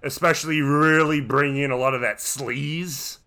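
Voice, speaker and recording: A man's voice: on the high side, fairly even intonation, normal speed, sharp tone. A man co-hosting a podcast, chatting casually with a rambling, profane manner and many restarts. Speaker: podcast co-host.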